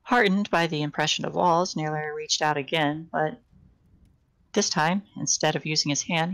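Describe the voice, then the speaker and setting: Low, gravelly woman reading a novel aloud. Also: a bit bright, low-quality recording. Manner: unpolished live reading with frequent restarts and self-corrections. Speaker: reader.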